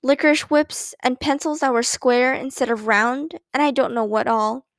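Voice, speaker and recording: A woman's voice: high voice, steady tone, moderate pace, no echo, clean studio sound. A woman voicing a playful grown-up aunt who recalls childhood mischief in a storybook reading. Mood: amused.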